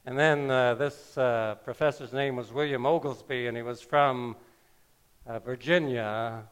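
A man preaching a sermon, telling a scripture story slowly with wry asides. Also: mid-range voice, steady tone, fairly bright tone, clear, resonant tone. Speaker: pastor.

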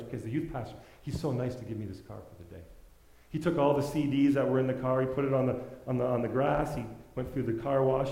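A male preacher delivering a sermon with a mellow, darker tone. He tells stories with voices for each character and builds from soft asides to loud pleas. The sound carries a roomy echo. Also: medium pitch. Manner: storytelling, acts out voices, swings from quiet to loud exhortation.

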